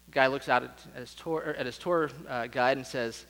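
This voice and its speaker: A man's voice: medium pitch, moderate pace, hardly any pauses, a bit bright. A man preaching a sermon to a church, telling stories in a conversational way and often repeating words as he goes. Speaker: pastor. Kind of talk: sermon with storytelling. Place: church sanctuary. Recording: reverberant hall.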